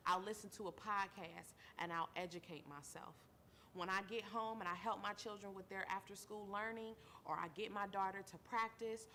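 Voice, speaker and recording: A woman's voice: medium pitch, pushed and bright, slight background noise. Tired woman host speaking earnestly. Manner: earnest, repeats phrases for emphasis, calls listeners baby. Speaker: show host; mother. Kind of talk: heartfelt talk-show monologue.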